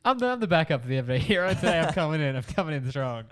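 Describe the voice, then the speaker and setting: Clear-voiced young Aussie podcast host. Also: male voice, fairly high pitch, sing-song, rapid-fire. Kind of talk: casual chat.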